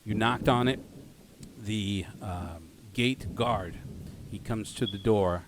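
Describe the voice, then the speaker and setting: A man's voice: fairly low pitch, takes it slowly, noisy background. A man narrating a tabletop game as game master, hesitant with many fillers and self-corrections.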